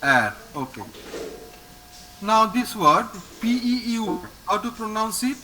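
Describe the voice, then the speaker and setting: A man leads a French lesson in a bright, high voice that rises and falls a great deal. He talks slowly and patiently, repeating each word and praising his student often. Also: big pitch swings, a little hiss or hum, rough recording. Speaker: French teacher. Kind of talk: online language lesson with a student.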